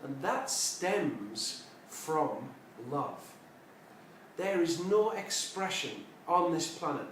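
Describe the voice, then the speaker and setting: A man's voice: on the high side, very echoey, recorded from a distance, slight background noise, rough recording. A man giving a reflective personal development talk, telling a story and making his points with emphatic repetition. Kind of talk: reflective spoken talk to camera.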